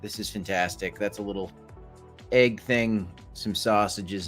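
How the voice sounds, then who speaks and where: A man's voice: fairly low pitch, steady tone, measured pace, fairly bright tone, soft background music. A man hosting a casual live stream of market commentary, chatty with playful asides and bursts of hype. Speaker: crypto live stream host.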